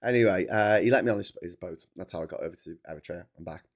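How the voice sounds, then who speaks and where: A man's voice: sits low, fast. Chatty man telling travel stories. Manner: chatty storyteller, digressive, stops to chat while eating. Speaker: livestream host. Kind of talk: rambling travel anecdote on a livestream.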